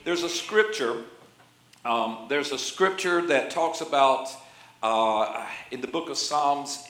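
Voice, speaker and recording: A man's voice: mid-range voice, expressive, takes it slowly, fairly bright tone. A man in his sixties preaching a sermon as a pastor, folksy and conversational, with jokes and frequent amens. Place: church sanctuary. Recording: roomy church echo.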